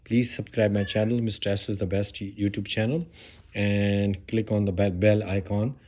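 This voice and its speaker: A man from Pakistan with a Pakistani accent, hosting a casual home vlog in halting English full of fillers and restarts. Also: lowish voice, level tone, dark tone. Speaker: YouTube channel host.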